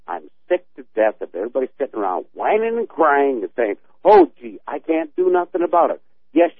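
A man's voice: mid-range voice, breathy edge. A man calling in to a talk radio show, ranting in a folksy, fired-up way and telling homespun stories. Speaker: radio caller. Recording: tinny phone line.

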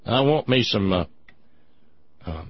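Husky, rambling male talk radio host. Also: lowish voice, expressive, slow pace. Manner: rambling, sardonic, with many restarts. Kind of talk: political talk radio commentary. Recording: dull lo-fi broadcast sound.

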